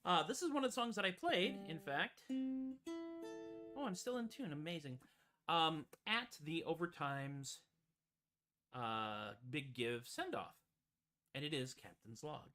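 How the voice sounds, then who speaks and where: A man's voice: a little high, expressive, takes it slowly, long pauses, sharp tone, faint music behind. A man hosting his own show, chatting casually with rambling, self-mocking jokes. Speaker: host and musician. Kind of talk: casual chatty stage patter. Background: ukulele.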